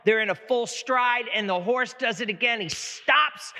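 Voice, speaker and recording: A man preaching a sermon, animated and storytelling, often repeating words as he builds a point. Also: extremely high pitch, unhurried, big-room sound. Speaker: pastor.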